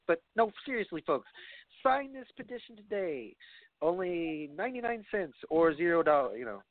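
A man hosting a casual podcast chat, excitable and joking, rambling as he talks. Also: high-pitched, a little fast, dry recording. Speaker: podcast host. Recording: tinny phone-like line.

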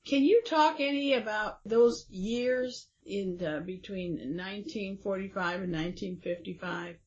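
A woman's voice: medium pitch, measured pace, darkish tone. A woman hosting an interview, chatting and reading passages aloud with frequent fillers. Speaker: interview host. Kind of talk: conversational interview. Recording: dull lo-fi audio.

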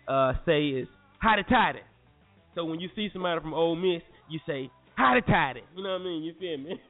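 A young man from North Carolina, animated and slangy, telling a story to listeners as a podcast host. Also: on the high side. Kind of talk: casual storytelling. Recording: phone-like lo-fi audio with faint music.

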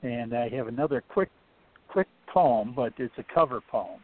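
A man's voice: medium pitch, normal speed, no room sound. Man reading a poem over the phone. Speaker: caller reading poetry. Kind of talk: slow poetry reading. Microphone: phone call. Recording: tinny phone line.

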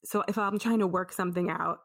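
A woman host chatting in a relaxed, affirming way with her guest. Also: fairly low pitch, quick pace, vocal fry, no echo, studio quality. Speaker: podcast host. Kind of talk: casual interview chat.

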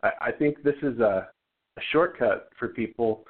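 A man's voice: mid-range voice, normal speed. A man calling into a radio show, arguing his point earnestly with frequent restarts. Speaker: caller. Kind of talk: call-in phone conversation. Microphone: telephone. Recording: tinny phone line.

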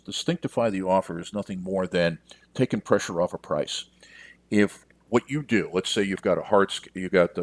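A man's voice: sits low, no room sound. A middle-aged man from the United States, a business coach talking directly to listeners in a casual podcast monologue. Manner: direct, conversational, addresses listeners as you.

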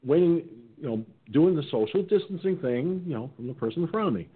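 A man's voice: a little high, brisk, breathy edge. Man, talk radio host, casual storytelling, acts out quotes, middle-aged, tinny phone sound. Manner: animated anecdote-telling, acting out quotes.

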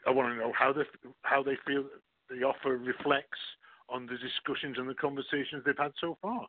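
Recruiter explaining on a phone line. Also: male voice, medium pitch, fairly even intonation, brisk, no room sound. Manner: explains by walking through examples. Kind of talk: guest on a talk show.

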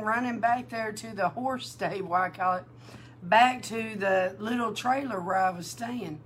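A woman minister giving an emotional testimony in a sermon, telling her story with animated feeling. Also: mid-range voice, unhurried, slight background noise. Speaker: prophetic minister.

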